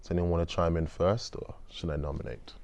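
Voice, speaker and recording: A man's voice: deep voice, steady tone, a little fast, gravelly, darkish tone. A man hosting an arts panel discussion, inviting guests in by name and steering the talk. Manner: moderating, brings in guests by name. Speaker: host.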